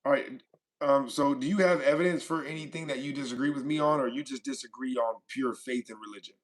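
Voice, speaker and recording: A man hosting a live stream, teasing and arguing with a caller in rapid questions. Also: mid-range voice. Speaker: stream host. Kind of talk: casual live-stream debate.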